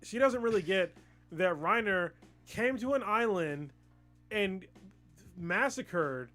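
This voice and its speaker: A man co-hosting a livestream, chatting casually about anime with excitable, profane energy and frequent laughter. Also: sits high, slow, soft background music. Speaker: livestream co-host.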